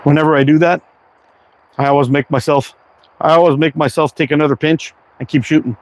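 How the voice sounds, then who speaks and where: A middle-aged man casually chatting on a livestream as he shoots, relaxed and self-deprecating. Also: fairly high pitch, fairly quick, a little hiss or hum, poor audio. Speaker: slingshot livestream host. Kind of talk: casual live-stream chat while target shooting.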